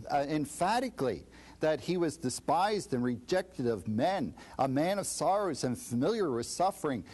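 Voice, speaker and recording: A man's voice: a little high, a little mellow. A man answering as a Bible scholar guest in an interview, explaining a text in an emphatic way and acting out the voices he quotes.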